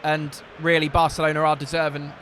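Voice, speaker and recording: A man casually commentating his own football video game, frank and quick to swear when frustrated. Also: on the high side, level tone, fairly bright tone, slight background noise. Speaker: gaming content creator. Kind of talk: casual live gameplay commentary.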